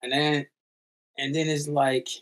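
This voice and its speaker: A man guest in a casual interview, telling a story in a lively way with slang and loose phrasing. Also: fairly high pitch, measured pace. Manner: animated storyteller, acts out quoted voices. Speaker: musician guest.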